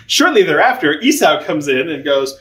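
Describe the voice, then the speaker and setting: A man's voice: fairly high pitch, sing-song, measured pace, fairly bright tone, roomy sound. A young man teaching a catechism class in a chatty, informal way, full of fillers and light laughter. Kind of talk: casual teaching.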